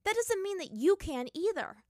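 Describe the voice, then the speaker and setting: A woman's voice: extremely high pitch, big pitch swings, moderate pace, a little mellow, no echo, studio quality, pitched above the performer's own voice. A woman voicing a fierce, hot-tempered teenage girl who scolds sharply, in a fan fiction reading. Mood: scolding. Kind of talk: fan fiction read aloud.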